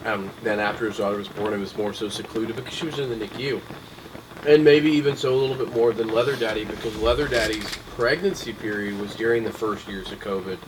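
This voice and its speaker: A man's voice: fairly low pitch, fast talker, noisy background. A young adult man hosting a casual chat, rambling with lots of ums and restarts. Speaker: podcast host.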